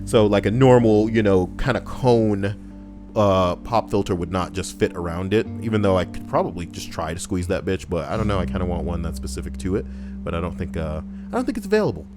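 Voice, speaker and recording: Young guy streamer, low voice, rambly and crude, reading chat, quiet music behind. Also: lively intonation, a little fast. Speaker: live streamer. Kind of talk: casual chat reading viewer messages.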